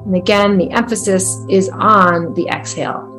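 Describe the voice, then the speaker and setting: A woman guiding a breathwork meditation with calm, soft, unhurried instructions. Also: mid-range voice, faint music behind. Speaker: breathwork guide.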